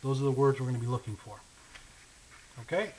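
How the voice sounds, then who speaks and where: A man teaching a math lesson, walking through word problems step by step, often checking in with "okay?" and slowing down on the key numbers. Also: medium pitch. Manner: patient, checks in with frequent "okay?" and "right?"; thinks aloud while writing, slows down on key numbers. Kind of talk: recorded lesson walkthrough. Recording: faint hiss.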